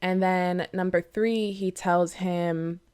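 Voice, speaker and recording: A woman's voice: on the low side, steady tone, takes it slowly, a little mellow, clean tone. A woman chatting casually as she retells a fable and reads oracle cards, rambling with many fillers and tag questions. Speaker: tarot and oracle card reader. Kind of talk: casual storytelling and card reading.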